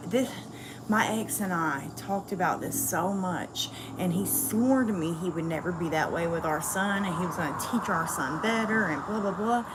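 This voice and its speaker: A woman's voice: fairly low pitch, background noise. A woman venting bluntly and candidly to viewers in a casual livestream chat.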